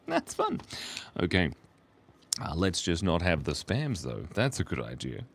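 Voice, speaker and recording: Low-voiced Australian man, lively and playful. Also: moderate pace, vocal fry. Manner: playful, reads chat aloud, murmurs softly while drawing. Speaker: live-stream artist. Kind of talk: live-stream drawing chat.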